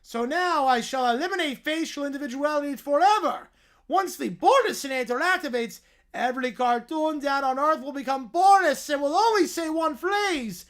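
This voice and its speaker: A woman's voice: high voice, animated, normal speed, voice pushed up. A woman voicing a scheming middle-aged male mad scientist in a theatrical villain monologue. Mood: grandiose.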